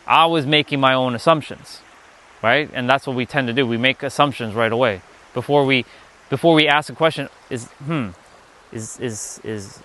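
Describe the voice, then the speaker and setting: A man's voice: medium pitch, fairly bright tone. A young man giving a casual live-stream talk as a spiritual teacher, rambling and restarting his sentences often.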